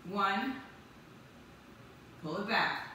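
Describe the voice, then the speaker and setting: An expressive woman with a pushed, bright mid-range voice instructs a live fitness class, calling counts briskly and encouraging everyone cheerfully. A far-off microphone captures it in a very echoey room, along with faint noise.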